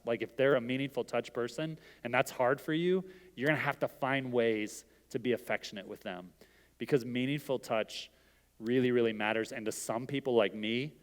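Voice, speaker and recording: A middle-aged man giving an interactive sermon, talking casually and asking the audience questions. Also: mid-range voice. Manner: conversational, asks the audience questions. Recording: long hall reverb.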